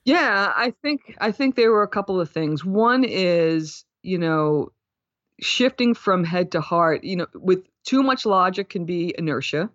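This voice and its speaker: A woman in her fifties reflects in an interview on her path as a wellness coach, telling her story thoughtfully and now and then laughing lightly at herself. Her voice is on the low side and fairly bright, with lively intonation and an unhurried pace. The recording is dull, lo-fi, muffled and fully dry, with no room echo.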